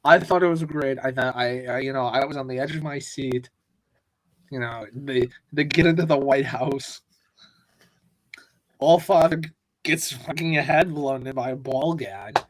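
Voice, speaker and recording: A man's voice: medium pitch, measured pace, dry recording. A man co-hosting a casual pop-culture podcast, ranting with lots of swearing. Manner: profane and ranting. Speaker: podcast co-host. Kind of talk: casual chat.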